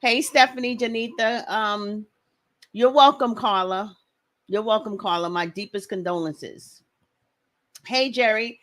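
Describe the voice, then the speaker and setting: A woman hosting a casual livestream, talking fast and greeting viewers by name. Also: on the high side, fairly bright tone. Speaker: livestream host.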